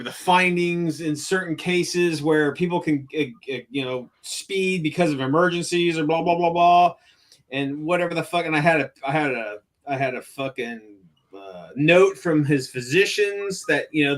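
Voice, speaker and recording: A man's voice: on the high side, moderate pace, a bit bright. A middle-aged man on a stream, telling a story in casual profane chat. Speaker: stream co-host.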